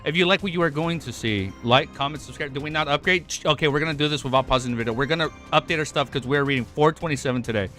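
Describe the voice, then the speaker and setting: A man's voice: a little high, very fast, hardly any pauses, bright, forceful tone, soft background music. A young man live-streaming in casual chat, hyped up, swearing often and rambling with restarts.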